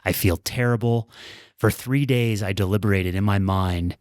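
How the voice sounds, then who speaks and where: Earnest low-voiced man telling his story. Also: a little mellow, clear, resonant tone, dry recording, clean studio sound. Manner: earnest, reflective, talks in quick bursts. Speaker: former pro tennis player, guest. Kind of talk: candid storytelling in an interview.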